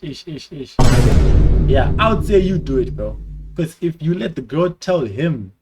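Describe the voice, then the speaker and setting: A young man talking straight to his viewers on a stream. He is slangy and animated, and his pitch and loudness swing up and down as he reacts. His voice sits at an ordinary middle pitch for a man. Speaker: streamer giving advice to viewers. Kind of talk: casual livestream advice chat.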